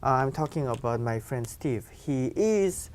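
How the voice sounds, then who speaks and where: A woman's voice: extremely low pitch, lively intonation, unhurried, mellow. A woman teaching a grammar lesson, explaining patiently and often saying "you know". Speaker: Korean language teacher.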